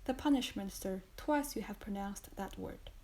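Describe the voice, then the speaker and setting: A woman's voice: mid-range voice, moderate pace, a little mellow, natural voice. Casting: woman reading a frightened, pleading wife, stammering, audiobook.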